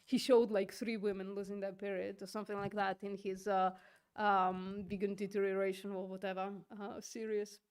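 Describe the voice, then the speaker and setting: A woman's voice: medium pitch, flat delivery, moderate pace, smooth. A young woman streaming live, ranting and mocking an opponent with laughter and swearing. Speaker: streamer doing online outreach. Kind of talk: live-stream debate rant.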